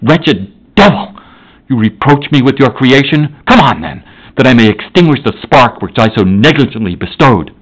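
A man voicing an enraged, horrified young male scientist in a dramatic audiobook reading, declaiming loudly with a raised voice. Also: mid-range voice, expressive, moderate pace, pitched above the performer's own voice, natural voice, poor audio. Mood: furious.

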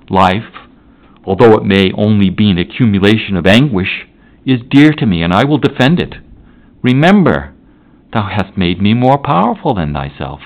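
A man voicing a brooding, anguished giant creature. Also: fairly low pitch. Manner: solemn, archaic, slow and grave. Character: anguished towering male creature, brooding, pleading. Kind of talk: dramatic audiobook reading.

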